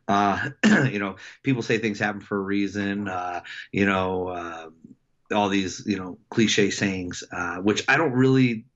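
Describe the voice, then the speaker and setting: A middle-aged man, a wrestling coach, telling a story in a casual interview, reflective and halting with many fillers and restarts. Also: lowish voice, fairly bright tone, highs cut off. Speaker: wrestling head coach, podcast guest.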